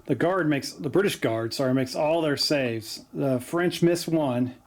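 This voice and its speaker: A somewhat high male voice, unhurried and buried in heavy noise, offers casual commentary on a tabletop wargame battle. Recording in his home basement, he calls the dice with a chatty, joking manner and keeps dropping "uh" fillers.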